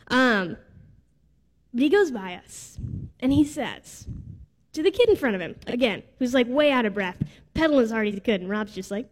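Woman preacher, heartfelt storytelling, slightly high voice, long hall reverb. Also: sing-song, normal speed, a little mellow. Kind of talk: sermon storytelling.

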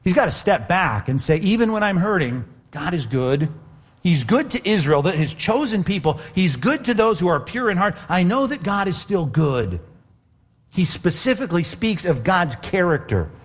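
Lively, emphatic male preacher. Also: high-pitched, normal speed, slightly rough, soft background music. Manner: emphatic, repeats words when building a point. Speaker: pastor. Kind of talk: sermon.

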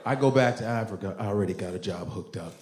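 A male stand-up comedian on a club stage, delivering a loud, animated, profane set. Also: fairly low pitch, fast talker. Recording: roomy club with crowd laughter and noise.

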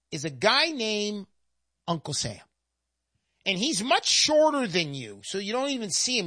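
Woman presenter, folksy and emphatic, sarcastic asides; lively, swooping delivery. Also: mid-range voice, no echo, studio quality. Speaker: presenter pitching gold investment. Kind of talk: persuasive sales monologue.

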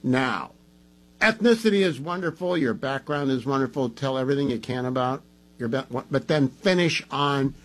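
A man's voice: medium pitch, moderate pace, fairly bright tone, low-quality recording. A man hosting a talk radio show, delivering an opinionated, emphatic monologue in a conversational way, groggy from medication.

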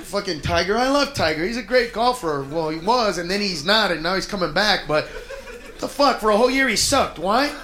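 A man doing a profane, brash stand-up routine on a comedy club stage, often shouting his punchlines. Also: high voice, lively intonation, fairly quick. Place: comedy club stage before a laughing crowd. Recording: echoey club, loud crowd laughter.

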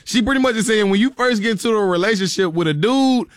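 A man's voice: high-pitched, quick pace, no echo. A man co-hosting a morning radio show, talking casually and teasing the others in a studio. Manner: animated, teasing. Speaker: radio co-host.

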